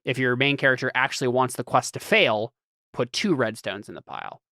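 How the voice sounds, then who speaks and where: A man's voice: mid-range voice, fairly quick, pushed and bright, dry recording. Guy running a tabletop game, explaining rules, lots of ums, dry close mic. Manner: hesitant, many ums. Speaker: game master.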